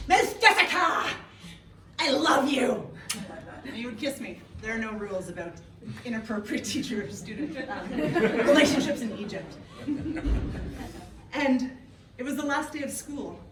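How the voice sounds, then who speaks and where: A woman in her thirties from Canada, telling a comic story on stage and talking to the audience. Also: a little high. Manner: playful, lively, talks to the audience. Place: event hall before a live audience. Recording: echoey hall, mic from a distance, noisy.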